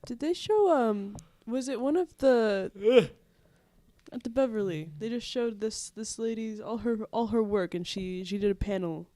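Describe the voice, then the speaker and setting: A podcast co-host in a relaxed conversation. The voice trails off and restarts while hunting for the right words. The pitch sits at an ordinary middle level. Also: measured pace, no room sound. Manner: hesitant, searching for words. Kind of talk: casual chat.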